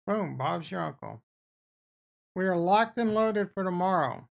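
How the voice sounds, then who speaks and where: A man's voice: high voice, measured pace, vocal fry. A man casually rambling through his trading day as host, joking and talking to his chat. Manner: rambling, jokey, talks to chat, sudden excited outbursts. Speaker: crypto trading streamer. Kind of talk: casual rambling market commentary.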